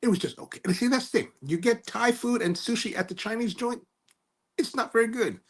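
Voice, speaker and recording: With a very high, husky voice and a brisk pace, an American man hosts a cigar review livestream. He chats casually, reads out viewer comments, and meanders through stories, frequently correcting himself.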